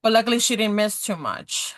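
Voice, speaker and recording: This medium-pitched woman in her thirties speaks briskly as a podcast guest, telling a personal story in a casual way. She talks with her hands and brings the dialogue to life animatedly.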